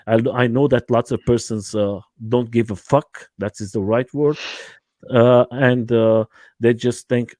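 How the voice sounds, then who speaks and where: A man hosting a livestream from his home, speaking halting non-native English with many fillers and restarts in a casual interview chat. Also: mid-range voice, a little mellow, no room sound. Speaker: livestream host.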